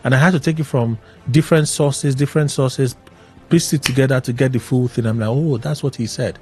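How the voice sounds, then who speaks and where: A man hosting a radio show, recapping in an animated, exclaiming way. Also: medium pitch, brisk, breathy edge, soft background music. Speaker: radio host. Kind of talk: casual radio commentary.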